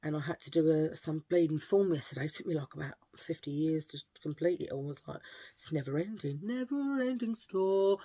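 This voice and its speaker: Chatty woman, slightly low voice. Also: steady tone, fast talker, hardly any pauses, mellow, slightly rough. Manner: chatty, jokey, rambling asides. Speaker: beauty vlogger. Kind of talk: casual chat to camera.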